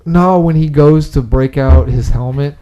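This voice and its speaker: A young man co-hosting a podcast, chatting casually and rambling excitedly with lots of restarts. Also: fairly high pitch, a little slow. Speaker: podcast co-host. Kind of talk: casual chat.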